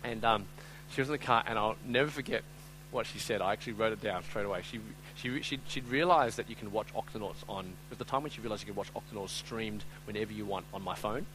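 A man preaching a live sermon, moving between loud, urgent appeals and quiet, chatty storytelling full of fillers. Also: lowish voice, quick pace, a little hiss or hum, rough recording. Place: speaking before a live audience.

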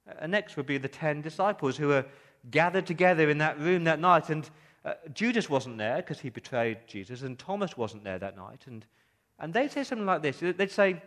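Pastor guy preaching, chatty and earnest, kinda high voice. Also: animated, moderate pace, hardly any pauses, a bit bright. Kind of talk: sermon.

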